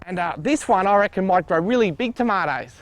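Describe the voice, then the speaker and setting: A man's voice: high-pitched, expressive, brisk. A man, a co-host asking playful, silly questions in tongue-in-cheek banter outdoors at a nursery. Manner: goofy, playful, cracks silly jokes.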